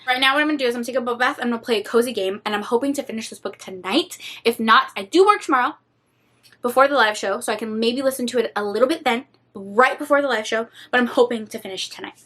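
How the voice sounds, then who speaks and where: A young woman chatting casually in a reading vlog, dramatic and animated, swearing freely. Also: on the high side. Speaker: book vlogger.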